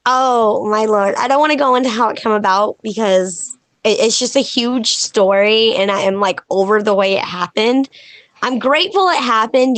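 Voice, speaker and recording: A woman pro wrestler, a podcast guest, telling stories in a casual, animated way and acting out quoted dialogue. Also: mid-range voice, no echo. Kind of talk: casual podcast interview storytelling.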